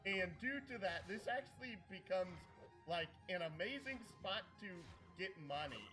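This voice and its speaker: High-voiced laid-back man streaming. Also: lively intonation, moderate pace, over music. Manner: laid-back, explains game mechanics. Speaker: streamer playing a retro game. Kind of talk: casual chat while gaming.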